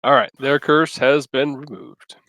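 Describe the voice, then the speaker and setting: A man's voice: medium pitch, a little slow, a bit bright, no echo. A man running a tabletop game as game master, hesitant and full of fillers.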